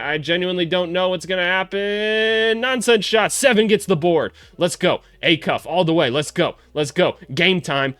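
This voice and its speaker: A young man breaking down basketball film in casual, profane, excitable commentary, joking and shouting at big plays. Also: on the high side, dry recording.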